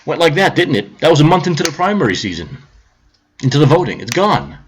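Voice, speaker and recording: A man's voice: on the high side, very animated, fast, noisy background. A man ranting on a live stream about politics, heated, sarcastic and profane, repeating his points.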